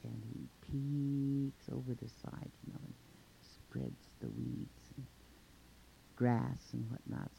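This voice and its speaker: A man telling a traditional folk tale in an unhurried way, linking events with 'and' and pausing on fillers. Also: medium pitch, gravelly, warm tone, a little hiss or hum. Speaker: storyteller. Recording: dull lo-fi recording.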